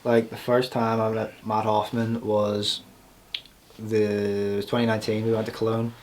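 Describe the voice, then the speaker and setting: A man talking as a podcast guest in casual chat, laughing often as he tells quick anecdotes. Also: lowish voice, level tone, a little mellow.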